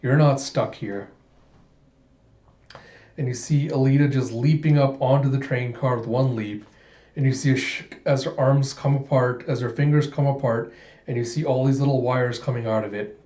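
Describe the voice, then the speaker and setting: Mellow-voiced man retelling a comic with laughter; dull, roomy home recording. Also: medium pitch, brisk. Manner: animated retelling, laughing often. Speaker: channel host. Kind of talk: comic book readthrough. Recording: muffled echoey room.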